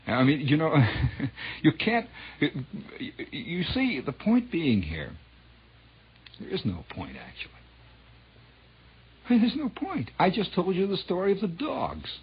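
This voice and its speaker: A man's voice: on the high side, wildly swooping pitch, slow, pauses often, breathy edge. A male radio disc jockey giving a wry, sardonic, rambling on-air monologue. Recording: muffled old radio broadcast.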